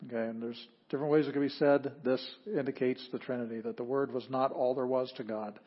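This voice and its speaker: A man with a husky, slightly rough voice teaches an introductory Greek class. He explains grammar step by step and pauses to sound out each word. The recording is dull and lo-fi. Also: medium pitch, steady tone. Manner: explanatory, stops to sound out words. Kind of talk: classroom lecture. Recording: dull lo-fi audio.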